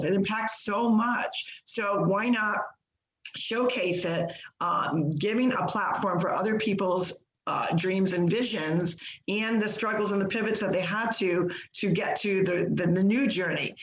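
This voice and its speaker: A woman's voice: fairly low pitch, vocal fry, reverberant, lo-fi sound. A woman co-host of a podcast speaking earnestly and at length, with many fillers and restarts. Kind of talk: reflective monologue.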